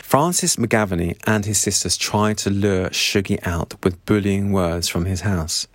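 A man's voice: low voice, measured pace, no echo. A man summarizing a novel chapter by chapter, with earnest, sympathetic asides. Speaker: book reviewer. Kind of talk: book summary talk.

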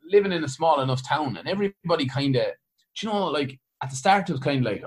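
An Irish man, a comedian guest, telling stories fast in casual chat, slipping into quoted voices. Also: mid-range voice, animated. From Ireland.

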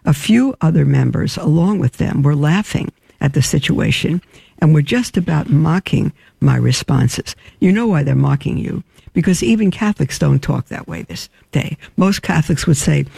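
A gravelly, mellow-toned woman, a religious sister who hosts a talk show, reads out listener emails and responds frankly and earnestly, often pausing as she thinks. Her voice sounds dry and close, with no room echo. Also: sits low, expressive.

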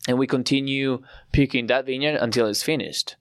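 A young Italian man with an Italian accent, explaining his family's winemaking with pride and frequent pauses. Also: mid-range voice, clean tone, dry recording, studio quality. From Italy. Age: young adult. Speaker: winemaker guest. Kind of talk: podcast interview.

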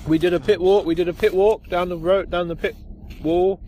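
Brief: male co-host, fairly high voice, dry jokey delivery, recorded in a tent with faint background noise. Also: steady tone, a little fast, warm tone, highs cut off. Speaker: podcast co-host. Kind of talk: casual chat. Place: inside a small tent outdoors.

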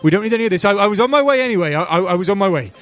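A man voicing a flustered woman who stammers and repeats herself while calming a fight. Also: sits high, very fast, voice pushed up. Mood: placating.

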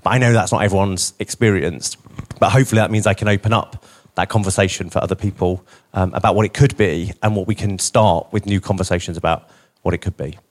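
A man's voice: low voice, fairly even intonation, quick pace. A man speaking as a panel guest, earnest and hopeful.

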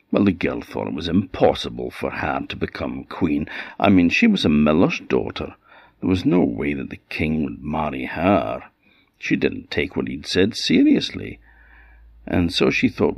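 A man with an Orkney accent telling a folk tale in an unhurried, conversational way. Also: rumbling low, big pitch swings, vocal fry, dry recording, muffled recording. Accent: Orkney Scots. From Orkney, Scotland. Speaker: storyteller. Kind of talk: oral folk storytelling.

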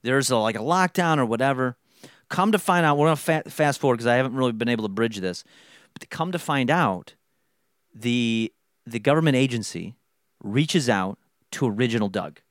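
Rambling young man, smooth dry voice. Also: medium pitch, animated, normal speed, no room sound. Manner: rambling storyteller, acts out quotes. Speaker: podcast co-host pitching a movie idea. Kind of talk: casual chat.

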